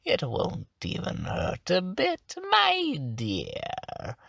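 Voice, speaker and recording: A man's voice: huge pitch swings, creaky, fairly bright tone, slightly rough, no room sound, studio quality, exaggerated voice. A man doing a strangled, sing-song old hag. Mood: wheedling. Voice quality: constricted, strangled, high, swooping between high and low. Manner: slow, sing-song, drawn-out coaxing with whispered asides. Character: creepy old female hag, wheedling and hungry. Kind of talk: tabletop game voice demonstration.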